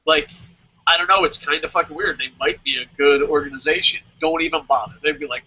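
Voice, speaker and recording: A man hosting a casual wrestling talk show, animated and jokey, swearing and singing little sound effects. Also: on the high side, fast talker, husky, lo-fi sound. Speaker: podcast host. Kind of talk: casual chat. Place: lives in Japan.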